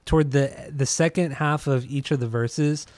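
Excited, swearing podcast host. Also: male voice, medium pitch, moderate pace, no room sound. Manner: enthusiastic, swears often, trails off and restarts. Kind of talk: casual music podcast chat.

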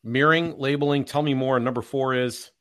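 Mid-pitched man hosting a podcast conversation. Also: fairly even intonation, fairly quick, a bit bright. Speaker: podcast host. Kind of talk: casual interview chat.

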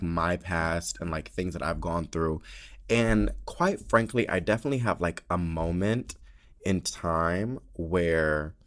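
A man hosting a podcast in casual chat, expressive and profane, with many filler "likes". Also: low-pitched. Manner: expressive, profane, heavy use of "like". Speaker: podcast host.

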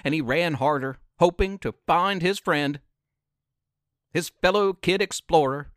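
A man reading a children's adventure story aloud as narrator, slow and expressive. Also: fairly high pitch, dry recording, studio quality. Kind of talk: scripted narration.

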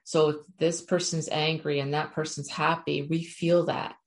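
A woman's voice: low-pitched, level tone, normal speed. A middle-aged woman, an animal communicator, giving a chatty, frank spiritual talk to her viewers with casual swearing.

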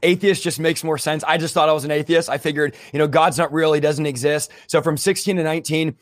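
A young Californian man, a guest sharing his testimony, tells a fervent, casual story in a conversational interview, tossing in slang like "bro" and "dude." His voice sits on the high side with fairly even intonation and a quick pace. The recording is studio quality with no echo.

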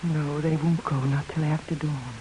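A woman's voice: sits low, steady tone, moderate pace, background noise, natural voice. A woman playing a fierce frontier widow mother. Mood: determined. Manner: blunt, threatening and commanding. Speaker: radio drama actor. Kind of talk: 1940s radio acting.

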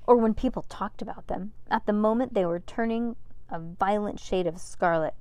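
Brisk woman reading a children's novel aloud. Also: medium pitch, no room sound. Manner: brisk and lively, voices each character. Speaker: narrator.

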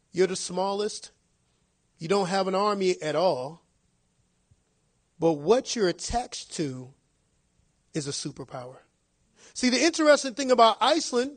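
A man preaching a sermon with a rather high voice. He talks in a conversational, direct way and keeps asking his listeners rhetorical questions.

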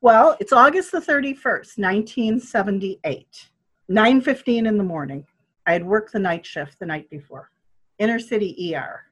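An older woman telling a personal story in a casual interview, animated and acting out what people said. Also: medium pitch, normal speed, husky. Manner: animated, acting out quoted speech. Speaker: guest.

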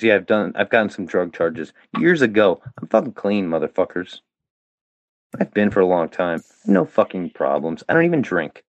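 A man rants in anger, swearing freely and swinging his pitch up and down as he pushes back. The sound is dry and a little dull, like a lo-fi recording. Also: no echo. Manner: profane, heated and defiant. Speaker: guest. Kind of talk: angry rant.

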